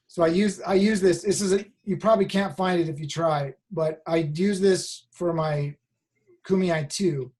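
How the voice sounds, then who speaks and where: A man's voice: fairly high pitch, darkish tone, a little hiss or hum. A man teaching a college class over a video call, talking casually with many restarts and fillers. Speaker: college instructor. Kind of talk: casual online class talk.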